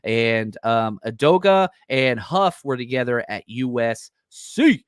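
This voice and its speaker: A man's voice: medium pitch, measured pace, smooth, dry recording, clean studio sound. A man hosting a sports podcast in a casual, enthusiastic way, with many ums and uhs. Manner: enthusiastic, excitable, loose with fillers. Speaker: podcast host.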